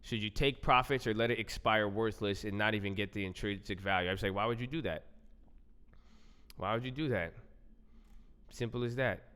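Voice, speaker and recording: A man with a low, smooth, resonant voice, chatting loosely on a livestream. His talk rambles and circles back on itself, full of "bro" and "man". The sound carries a long reverb tail. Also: sharp tone. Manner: loose, rambling, repeats himself, says "bro" and "man" a lot. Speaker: livestream host. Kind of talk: casual livestream chat.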